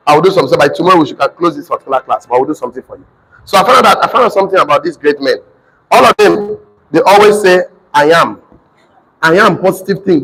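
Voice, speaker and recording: A man's voice: on the high side, fairly bright tone, poor audio. A man teaching a live motivational class, repeating phrases with an emphatic preaching cadence.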